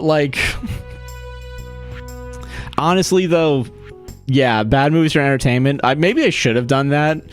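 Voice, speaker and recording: Rambling, swearing streamer guy. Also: medium pitch. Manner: rambling, profane, laughs often. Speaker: livestreamer. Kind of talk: casual chat while streaming a game.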